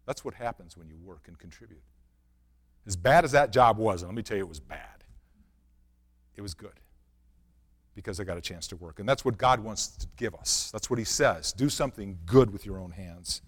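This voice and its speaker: A male pastor preaching a sermon built around a personal story, swinging from loud, animated passages to hushed, quiet ones. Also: on the low side, moderate pace, slightly rough. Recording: long reverb of a large hall.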